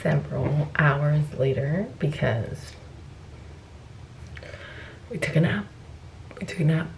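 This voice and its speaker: A woman's voice: sits low, animated, takes it slowly, gravelly, slight background noise, rough recording. A woman in her thirties, a mother, chatting casually to camera in a vlog and sometimes a little out of breath. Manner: chatty, talks straight to camera. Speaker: vlogger.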